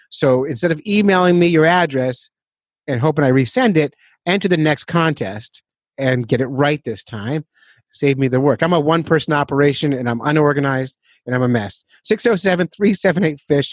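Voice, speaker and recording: A man's voice: mid-range voice, no echo. A man hosting a fishing podcast in casual chat, rambling and self-deprecating, chuckling often. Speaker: podcast host.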